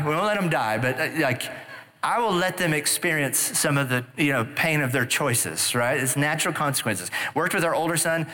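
A middle-aged man preaching a sermon, telling the story conversationally and checking in with the congregation as he goes. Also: a little high. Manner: conversational, animated storytelling with audience asides. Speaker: pastor.

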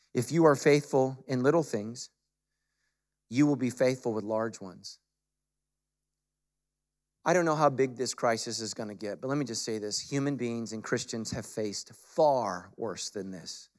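A male pastor preaching a sermon, moving from casual storytelling to forceful, emphatic exhortation. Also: mid-range voice, unhurried, long pauses.

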